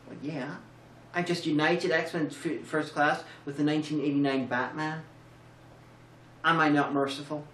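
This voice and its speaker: A woman's voice: low voice, fairly even intonation, normal speed, slight background noise. A woman co-hosting a casual film review, tired and rambling through sarcastic, jokey riffs with plenty of restarts. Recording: roomy, distant mic.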